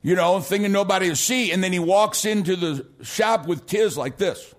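A middle-aged American pastor preaching in a notably high voice. He tells his stories with animation and breaks into shouts to drive a point home. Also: moderate pace, slight background noise. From United States. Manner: animated storytelling, bursts into shouts for emphasis. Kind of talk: sermon.

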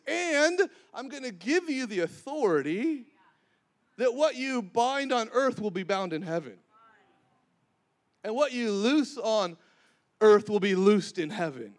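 High-voiced preacher man. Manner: animated, acts out scripture dialogue, calls for congregation responses. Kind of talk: sermon.

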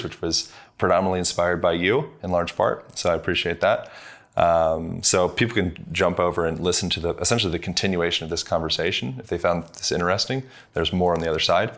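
Interview guest: man with a very low voice, easygoing and rambling, heavy on fillers. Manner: relaxed, rambling explanations with many fillers. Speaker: podcast guest, movement coach. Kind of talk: conversational interview.

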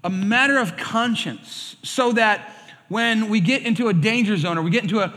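A man's voice: sits high, moderate pace, bright, forceful tone. A male pastor preaching a sermon, telling stories animatedly and acting out quoted voices. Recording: reverberant hall sound.

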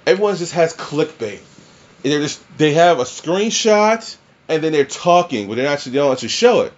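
A man's voice: on the high side, big pitch swings, normal speed, highs cut off. A man casually reviewing a film, rambling and swearing, full of fillers and restarts. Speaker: movie reviewer.

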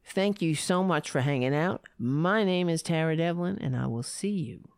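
Hoarse, gravelly woman host signing off. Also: animated, no room sound, studio quality. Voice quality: voice worn low from shouting. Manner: rambling, self-deprecating, halting restarts. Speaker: show host. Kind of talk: casual live-show sign-off.

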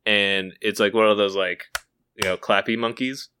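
A man's voice: fairly low pitch, fairly even intonation, normal speed, pushed and bright, a little hiss or hum. A man on a comedy podcast, casually spinning an improvised story and often laughing as he talks. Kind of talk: casual chat.

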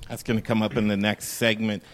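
A man's voice: fairly low pitch, flat delivery, quick pace, a little hiss or hum. A man hosting a cooking show, chatting in an easygoing, casual way. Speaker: show host.

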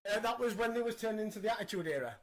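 A man in his thirties hosting a casual podcast, recapping in an animated, opinionated way. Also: sits high, rapid-fire, a loud crowd. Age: 30s. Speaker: podcast host.

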